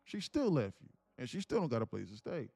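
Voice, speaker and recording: A young man livestreaming, telling a family story in a blunt, animated rant and saying "bro" constantly. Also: mid-range voice, a little fast, vocal fry, husky, no echo, soft background music. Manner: blunt, repeats "bro" constantly, grows louder and more insistent. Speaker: livestream day trader.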